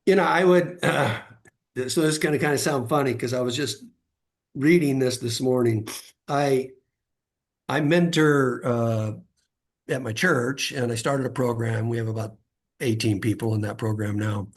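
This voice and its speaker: A man's voice: mid-range voice, normal speed. A middle-aged man from California, a guest author telling personal anecdotes in an interview, with many fillers and acted-out quotes. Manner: anecdotal, acts out quoted voices, frequent fillers. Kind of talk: storytelling interview.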